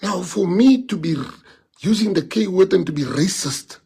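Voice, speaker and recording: A man's voice: high-pitched, expressive, moderate pace, vocal fry, dark tone, slightly rough. A man from South Africa with a South African accent, a native Afrikaans speaker, giving an impassioned monologue to followers and repeating rhetorical questions. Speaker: politician addressing followers. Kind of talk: emotional live-streamed monologue.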